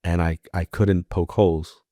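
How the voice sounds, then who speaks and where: A man with a low, deep voice tells a story on a podcast, acting out the lines of the people he quotes. He grew up in New York and talks in a relaxed, chatty way. The sound is close and dry, with no room echo. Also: measured pace. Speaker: podcast guest, psychic medium. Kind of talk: casual storytelling.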